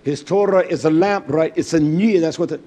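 An older man preaching with fervour, his voice sitting a little high for a man. He swings from forceful declarations to low, half-muttered asides. His phrasing is blunt and emphatic, full of pointed rhetorical questions. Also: brisk. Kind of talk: sermon.

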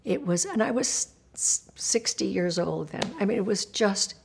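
Older lady telling stories in an interview, very animated, does the voices, laughs a lot. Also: mid-range voice, measured pace, gravelly, slight background noise. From Puerto Rico. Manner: animated storyteller, acts out quotes, laughs often. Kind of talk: documentary interview storytelling.

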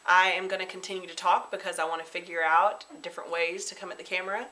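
A woman's voice: on the low side, flat delivery, fast, bright, forceful tone, distant mic, poor audio. A woman co-producer making a direct appeal to camera for support of her project. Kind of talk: promotional pitch to camera.

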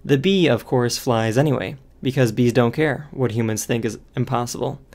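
A man's voice: mid-range voice, normal speed, a little mellow. Man reading a script in a plain voice. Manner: plain, unexaggerated tone, dry asides; stumbles and stops to remark on the text. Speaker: online video host. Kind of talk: reading a film script aloud in one take.

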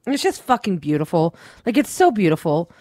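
A woman co-hosting a radio show, telling a weekend story in casual, swearing, animated chat. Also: lowish voice, brisk, no room sound, studio quality. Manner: chatty storyteller, swears freely, acts out quotes.

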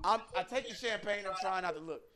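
High-voiced man telling a crude comic story. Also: fast talker, a crowd in the background. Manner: animated, laughing, crude slang-heavy storytelling. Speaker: podcast host.

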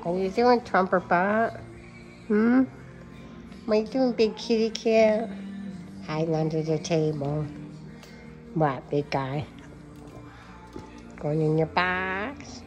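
Slow, low-voiced woman cooing to cats. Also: music in the background. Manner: cooing, affectionate, drifting into soft whispers. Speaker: cat owner filming her pets. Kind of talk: casual baby talk to cats. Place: home, indoors.

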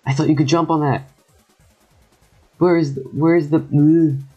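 A young man giving casual, joking gameplay commentary with quick excited reactions and sarcastic asides. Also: on the high side, husky, muffled recording. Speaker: gaming YouTuber. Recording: faint background music.

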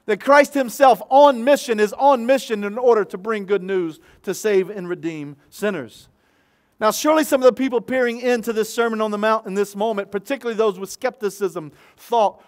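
A man who is a pastor, preaching an earnest sermon at an outdoor church service, praying and repeating key phrases for emphasis. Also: sits high.

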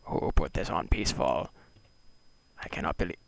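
A man talking to himself in deadpan, mock-solemn mutters and half-whispers while playing a video game. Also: rumbling low, moderate pace, vocal fry, dry recording, low-quality recording. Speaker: gamer playing a block-building game.

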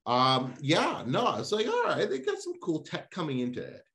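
A man hosting a casual car podcast, talking in an animated, ranting way. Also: on the high side, moderate pace.

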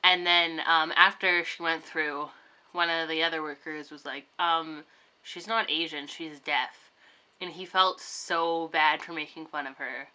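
A woman's voice: deep voice, steady tone, moderate pace, bright, forceful tone, clear, resonant tone. A young woman vlogging in her bedroom, chatting casually and rambling with lots of fillers. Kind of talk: casual vlog chat. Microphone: camera on a tripod facing her.

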